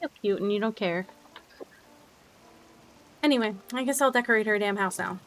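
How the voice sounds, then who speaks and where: A woman's voice: medium pitch, moderate pace, rough recording. A young woman streaming a game, chatting casually, sometimes swearing and cooing baby talk at her pets. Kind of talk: casual chat while playing a game.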